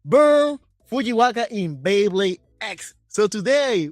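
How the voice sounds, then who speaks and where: A man hosting an interview podcast, a Spanish native speaker talking in English, excited and chatty. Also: sits high, unhurried, few pauses, faint music behind. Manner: excited, chatty, rephrases often. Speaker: podcast host. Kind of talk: casual interview chat.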